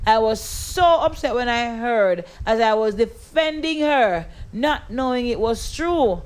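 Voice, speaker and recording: A woman's voice: a little high, animated, a little slow, darkish tone, clear, resonant tone. A Jamaican woman hosting a radio call-in show, chatty and teasing with her callers. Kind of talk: casual radio chat.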